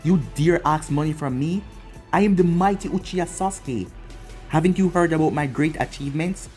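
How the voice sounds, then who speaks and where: A man's voice: fairly high pitch, normal speed, a little mellow, soft background music, lightly acted. A man voicing a brash, arrogant young male ninja who taunts and brags. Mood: cocky. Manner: boastful, taunting.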